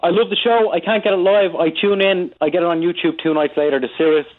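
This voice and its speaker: A man's voice: high-pitched, steady tone, quick pace. A man calling in to a radio show, rambling and chatty, saying "you know" often. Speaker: caller. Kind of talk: phone call-in chat. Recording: tinny phone line.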